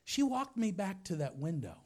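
A man preaching through a personal story, swinging from hushed softness to loud shouting. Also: high voice, sing-song, normal speed. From United States. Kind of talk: storytelling sermon.

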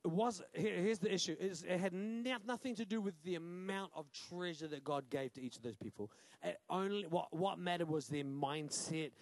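Kiwi pastor guy preaching, high voice, keeps going "right?", dry close sound. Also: moderate pace, few pauses, no echo. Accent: New Zealand. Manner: punchy, asks the crowd "right?" often. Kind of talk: sermon.

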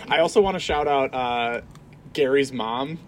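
Relaxed podcast co-host, giggly asides, mid-pitched voice, faint hiss. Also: slow pace. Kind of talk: casual movie discussion.

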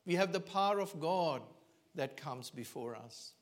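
Slow, earnest male preacher. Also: fairly high pitch, expressive. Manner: slow, earnest storytelling with many pauses and fillers. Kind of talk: sermon. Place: church.

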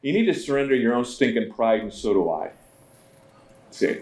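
A man preaching a sermon as pastor, in a conversational, animated way, often slipping into voices. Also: medium pitch, normal speed. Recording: roomy echo.

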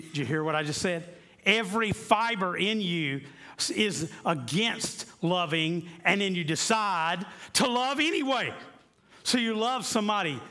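A man preaching a sermon as a pastor. He talks earnestly, repeating key phrases and slowing down to stress them. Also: sits high, fairly bright tone.

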